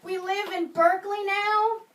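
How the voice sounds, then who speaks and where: A woman performing a stand-up comedy set, with wry, sarcastic asides and pauses before punchlines. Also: very high-pitched, fairly even intonation, background noise. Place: small comedy venue in a video store, live audience. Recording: roomy live room, mic a bit distant, audience laughter.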